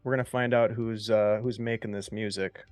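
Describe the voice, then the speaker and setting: A man's voice: lowish voice, fairly even intonation, normal speed, darkish tone, dry recording, faint music behind. A man playing in a tabletop role-playing game, speaking partly in character with a wry, questioning manner. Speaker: player.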